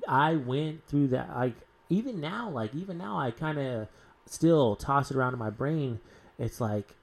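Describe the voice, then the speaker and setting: A man's voice: mid-range voice, animated, moderate pace. A man chatting casually as a tabletop role-playing player, rambling and full of restarts. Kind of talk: casual podcast chat.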